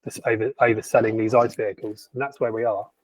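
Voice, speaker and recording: A man's voice: lowish voice, fast, no room sound, low-quality recording. Sardonic man, dry close sound. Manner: animated, sardonic, stumbles through many restarts. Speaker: podcast co-host. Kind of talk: casual chat.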